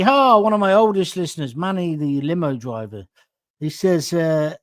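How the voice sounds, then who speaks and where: A man's voice: on the high side, expressive, moderate pace. An older man from England hosting a political talk show, delivering a blunt, opinionated monologue with sarcastic asides. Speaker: host.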